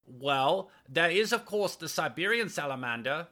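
A man doing a calm, lecturing young science officer. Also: fairly high pitch, normal speed, voice pushed up.

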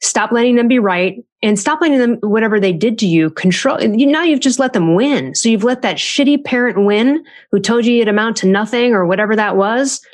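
Chatty, animated woman giving parenting advice. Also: brisk, few pauses. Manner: chatty and animated, acts out quotes with jumps in pitch. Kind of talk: casual podcast talk.

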